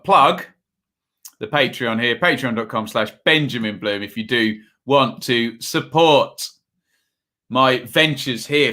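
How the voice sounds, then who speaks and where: On a casual football live stream, a male host chats with viewers and reads out messages and scores, sounding slightly weary. His voice is medium in pitch with a sharp tone.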